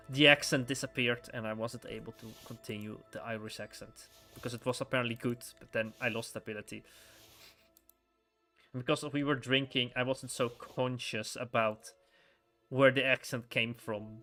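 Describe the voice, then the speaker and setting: A man's voice: medium pitch, bright, forceful tone. A man giving casual let's-play commentary while playing a story game, rambling with frequent chuckles and restarts.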